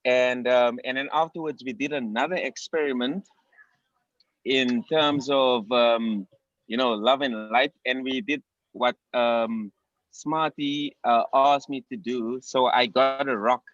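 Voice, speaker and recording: A man from South Africa with a South African accent telling an excited, profane story on a video call, laughing often. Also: mid-range voice, takes it slowly, dry recording, muffled recording. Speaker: participant.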